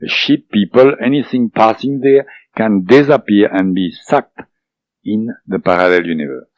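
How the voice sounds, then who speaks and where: A man whose first language is French, telling his story as an interview guest, halting and full of fillers and restarts. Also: fairly low pitch, expressive, no echo. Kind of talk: recounting a personal experience in an interview. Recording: dull lo-fi dry recording.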